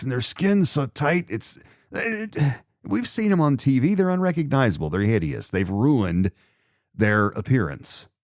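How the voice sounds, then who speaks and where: A man's voice: on the low side, no room sound, studio quality. A middle-aged man hosting a podcast, talking in a rambling, sarcastic commentary style. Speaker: podcast host. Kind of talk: casual commentary monologue.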